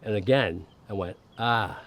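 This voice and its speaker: As a guest in a casual podcast interview, a middle-aged man tells a personal story candidly, swearing freely and acting out the voices of people he quotes. He has a deep voice at normal speed, with slight background noise.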